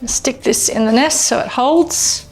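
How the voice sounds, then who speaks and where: A woman's voice: high-pitched, measured pace. An Australian woman hosting a casual cooking demonstration in a home kitchen, chatty and enthusiastic, often exclaiming. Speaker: cooking show host. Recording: music playing underneath.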